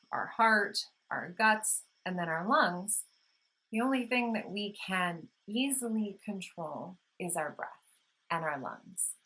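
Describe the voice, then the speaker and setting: A wellness vlogger with a mid-range voice walks through calming practices in a relaxed, instructional way, speaking softly and without hurry. She sighs audibly while demonstrating the breathing, and the audio quality is poor.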